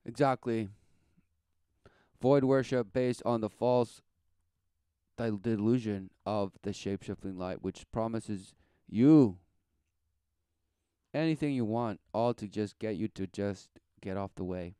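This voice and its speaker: A man's voice: lowish voice, takes it slowly, long pauses, warm tone, clean tone, no echo, clean studio sound. A man giving a rambling, sarcastic, preachy commentary as he reacts to a podcast clip. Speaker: religious commentator.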